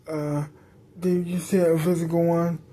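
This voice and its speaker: A worried young woman at a friend's hospital bedside, asking her questions slowly and hesitantly, as a woman puts her on. The voice sits a little low and mellow. She stumbles and restarts as she talks. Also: little pitch movement. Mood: nervous.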